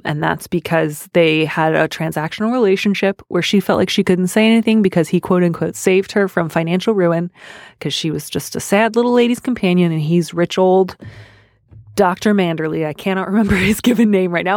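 Wry low-voiced woman podcast host. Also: a little fast, darkish tone, no room sound, clean studio sound. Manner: wry, chatty, laughs at own jokes. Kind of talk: casual advice chat. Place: studio.

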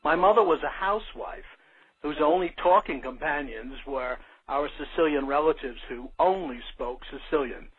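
A man's voice: fairly high pitch, slightly rough. An older man from Brooklyn, New York, reading his own short story aloud in a plain, earnest way. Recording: narrow phone-like sound.

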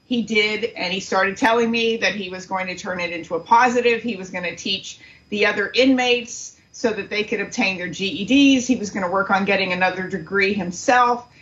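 A middle-aged woman, a guest on a talk show, telling a painful story in an earnest, halting way. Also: medium pitch, bright, forceful tone, highs cut off. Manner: earnest, grief-stricken, halting. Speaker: guest, aunt of the subject. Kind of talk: emotional interview storytelling.

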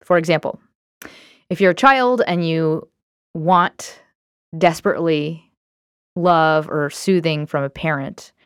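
A woman's voice: low voice, slow pace, long pauses, clean tone, no room sound, clean studio sound. A woman hosting a self-help podcast, talking in a candid, reflective way with many fillers. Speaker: podcast host. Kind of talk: casual self-help talk.

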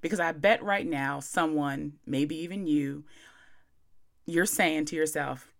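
Young woman doing her self-help podcast, real low voice with some fry, chatty and slangy. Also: a little slow.

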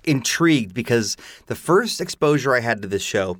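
Animated, opinionated man on a podcast. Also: medium pitch, moderate pace, few pauses, no room sound, studio quality. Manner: animated, opinionated, many "like" fillers. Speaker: podcast panelist. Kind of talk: casual chat.

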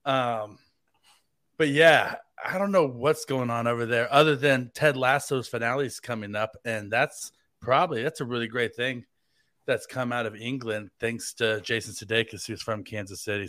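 An American man from Tampa, Florida sits in as host of a sports podcast, joking and rambling in a playful, casual way. His mid-range voice is fairly bright, recorded in a clean studio with no echo.

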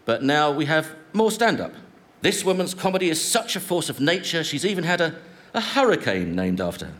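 A man's voice: fairly high pitch, big pitch swings, a little fast, a bit bright. A man hosting a show, introducing the next stand-up act in an upbeat, punning way. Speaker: host introducing acts. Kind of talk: announcer introduction.

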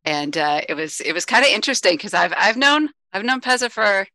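Bright woman telling an amused anecdote. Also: mid-range voice, big pitch swings, fairly quick, no room sound, rough recording. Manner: amused, tells anecdotes with laughs. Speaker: voice actor on an after show panel. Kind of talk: casual storytelling.

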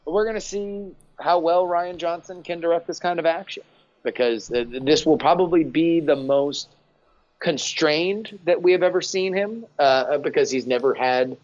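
A man guest on a podcast, giving animated, emphatic opinions in casual chat. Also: fairly high pitch, normal speed, dry recording. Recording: dry, slightly dull sound.

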